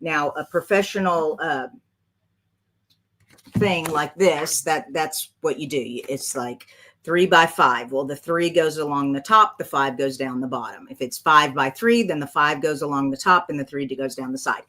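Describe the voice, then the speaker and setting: A woman's voice: low-pitched, measured pace, bright, forceful tone. A woman, chatting loosely as she talks through a craft project on a live stream. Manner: chatty, rambling, thinks aloud while working. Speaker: crafting channel host.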